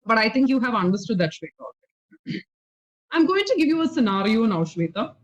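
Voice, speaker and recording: A high-pitched woman with an Indian English accent, teaching a spoken English lesson over a video call. She explains slowly and patiently, checking in with "okay?" as she goes. The audio is slightly dull and lo-fi. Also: very animated. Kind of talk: online English conversation lesson.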